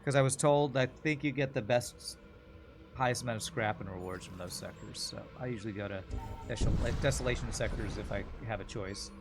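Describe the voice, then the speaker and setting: A man's voice: mid-range voice, brisk, music in the background. A man streaming a video game, chatting casually and answering viewer questions while he plays. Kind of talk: casual gameplay commentary.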